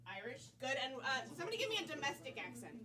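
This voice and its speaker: Lively woman hosting a live improv show. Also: sits high, fast. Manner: lively, calls out to the audience. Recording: from far off, loud audience.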